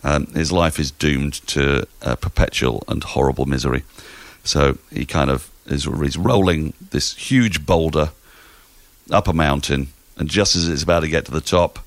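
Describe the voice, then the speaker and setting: A man talking as a podcast guest in casual chat, animated, playful and a little rambling. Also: extremely low pitch, moderate pace, dry recording.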